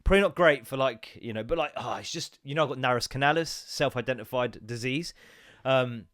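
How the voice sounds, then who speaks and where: A man hosts a solo podcast in a mid-range voice that runs a little fast and a bit bright. Congested and bunged up with a cold, he rambles through a casual rant, swearing and jumping into goofy voices.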